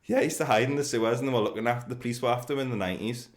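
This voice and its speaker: A man's voice: mid-range voice, very fast. A man co-hosting a comedy podcast, talking in a rambling, laughing, swearing way. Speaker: podcast co-host. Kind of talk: casual comedy chat.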